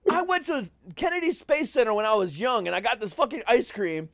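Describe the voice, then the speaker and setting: A podcast host, a man in casual chat, rants with constant swearing. His pitch swings widely and his delivery is animated. The sound is dry and close. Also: fast talker, dry recording. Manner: profane, animated ranting.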